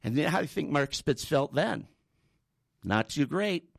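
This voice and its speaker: This host's voice is a little high, expressive and creaky, and he takes his time. On his talk show he thanks the guest and tells a loosely structured anecdote with plenty of repeated words.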